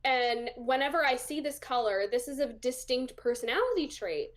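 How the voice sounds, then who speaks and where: A woman's voice: high-pitched, animated, moderate pace, background noise. A young woman, a guest on an interview show, chatting casually through a personal story with lots of ums and likes. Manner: chatty, full of ums and likes, laughs often.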